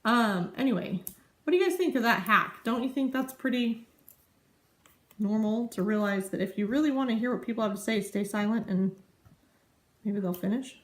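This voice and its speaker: A woman's voice: fairly high pitch, moderate pace, long pauses. A woman in her thirties chatting casually to camera as a vlogger, rambling and easily sidetracked. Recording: echoey room.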